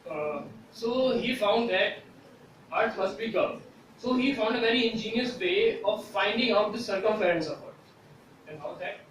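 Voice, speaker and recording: A man with a fairly high voice gives a presentation, pausing often with "uh" as he explains. He is picked up from a distance in a very echoey room. A faint noise sits behind him. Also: animated, fairly bright tone. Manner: hesitant, frequent "uh" fillers, explanatory. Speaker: student presenter. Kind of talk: classroom presentation.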